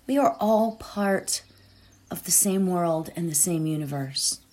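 Woman meditation host, slow and rambling, pitch moving up and down a lot, heartfelt casual talk. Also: animated, darkish tone. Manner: rambling and heartfelt, with many fillers and restarts. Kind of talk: casual spiritual talk before a guided meditation.

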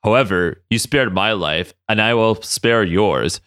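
A man putting on a deep, slow voice for a grave old male mutant villain. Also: a bit bright, no room sound, studio quality. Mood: solemn.

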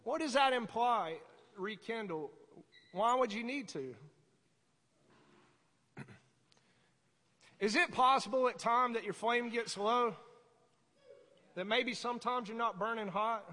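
A woman preaching a sermon in a conversational way, breaking into sudden shouted bursts. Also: a little high, slow, pauses often. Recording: echoey hall.

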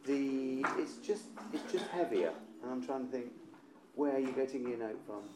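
Choir director in an echoey room. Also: male voice, medium pitch, moderate pace, background noise. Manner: encouraging, demonstrates vowels by singing. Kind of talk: choir rehearsal coaching. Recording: roomy echo with faint instrument.

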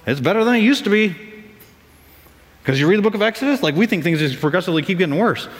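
A man preaching a sermon as pastor, lively and animated, acting out voices for comic effect. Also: sits high, fast. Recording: long reverb of a large hall.

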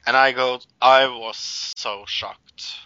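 A man recapping a show in casual chat, halting, with many fillers and acted-out quotes. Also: medium pitch, fairly even intonation, sharp tone, clean tone, no echo, lo-fi sound. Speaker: podcast co-host recapping a show.

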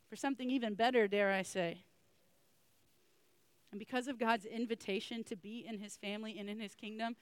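A woman's voice: a little high, dry recording. Earnest woman preaching a sermon. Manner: earnest, addresses listeners directly with repeated questions.

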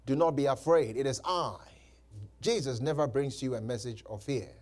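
A man's voice: mid-range voice, moderate pace, a little mellow. A male pastor preaching a sermon, repeating phrases and laughing between points. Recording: live church service.

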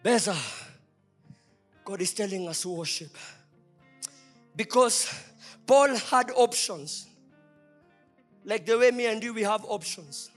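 A man preaching a sermon as pastor, swinging from loud shouts to quiet, low lines. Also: takes it slowly, pauses often, faint music behind. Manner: preaching with sudden shouts and soft drops. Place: church.

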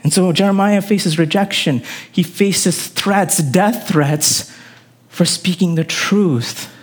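A man preaching a sermon in an earnest way, his emphasis climbing on key phrases and then dropping low. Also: takes it slowly, slightly rough. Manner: earnest preaching with rising emphasis and sudden drops. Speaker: pastor.

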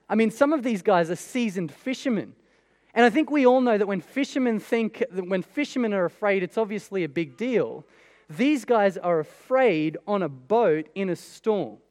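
A man's voice: sits high, long reverb tail. A man preaching a sermon in a conversational way, with many rhetorical questions. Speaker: pastor.

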